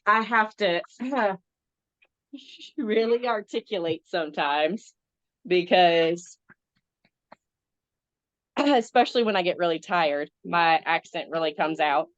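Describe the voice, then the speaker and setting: A woman's voice: lowish voice, lively intonation, slow pace, pauses often, no room sound, lo-fi sound. A woman in her thirties with a Southern American accent, chatting as a veterinarian guest with many ums. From Southern United States. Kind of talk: casual interview.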